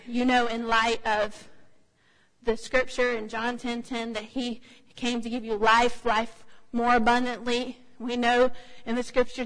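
A woman giving a sermon in a conversational, anecdotal way, with frequent fillers. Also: a little high. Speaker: speaker. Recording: long hall reverb.

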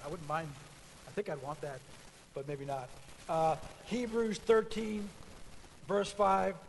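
Fervent high-voiced male preacher. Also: big-room sound, slight background noise. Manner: preaching with rising fervor, repetition. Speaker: pastor. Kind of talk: sermon.

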